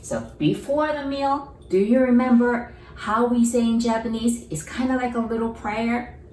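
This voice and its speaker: A woman's voice: a little high, steady tone, normal speed, darkish tone, reverberant, far from the mic, slight background noise, low-quality recording. A woman teaching Japanese phrases in a friendly lesson, reviewing by asking the learner questions.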